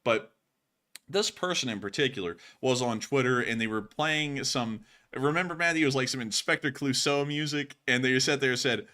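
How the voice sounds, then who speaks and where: Man, casual stream host, animated, bright clear tone. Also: mid-range voice, moderate pace. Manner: animated, bursts into loud goofy shouts and laughs. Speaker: livestream host. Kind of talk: casual livestream chat reading donations.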